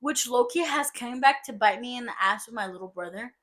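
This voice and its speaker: A woman's voice: fairly high pitch, a little fast, fairly bright tone. A young woman co-hosting a podcast, talking in a laid-back, slangy way and laughing often. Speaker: podcast co-host. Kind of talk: casual chat.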